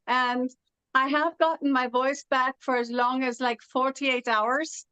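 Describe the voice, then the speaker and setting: High, smooth woman with British-sounding accent. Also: fairly even intonation, measured pace, pushed and bright, no room sound. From Los Angeles, California. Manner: speaks with a foreign-sounding accent from a speech condition, often described as British. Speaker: interview guest. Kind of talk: casual conversation.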